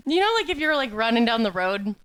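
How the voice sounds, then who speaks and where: A woman's voice: on the high side, very animated, fast, background noise. A young woman co-hosting a casual podcast chat, teasing and laughing often. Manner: giggly, teasing. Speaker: podcast co-host.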